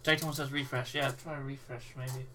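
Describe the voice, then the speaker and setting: A man's voice: mid-range voice, a little fast, background noise. A British man casually hosting a live stream, chatting and reading out viewer messages while he builds miniatures, chewing on a sweet. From United Kingdom. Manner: relaxed, reads out chat messages while building. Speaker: livestream host.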